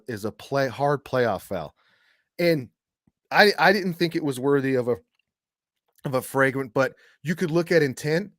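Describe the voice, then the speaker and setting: A man's voice: mid-range voice, fairly bright tone, dry recording, studio quality. A man co-hosting a casual sports podcast, who rambles with many restarts and repeats himself. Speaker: podcast co-host, middle school coach.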